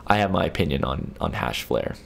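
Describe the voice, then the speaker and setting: A man's voice: rumbling low, animated, fairly quick, gravelly, fairly bright tone, husky. A young man hosting a late-night livestream, reading viewer messages aloud and answering them in a casual, stop-start way. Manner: reads viewer chat aloud and answers, with frequent restarts. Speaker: livestream host.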